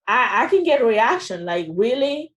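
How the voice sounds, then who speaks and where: A French-accented woman runs a workshop training session in a chatty manner, sprinkling in "you know" and "right?" often. Her mid-range voice has a darkish tone and a moderate pace.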